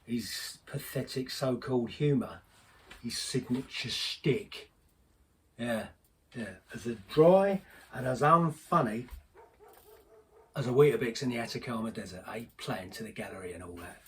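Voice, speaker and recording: A bitter old ex-henchman natters on in an audio-drama monologue, as a man plays him. His talk is rambling and confiding, full of sardonic asides. The voice is mid-pitched and sits back from the microphone. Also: unhurried, distant mic, a little hiss or hum, lightly acted.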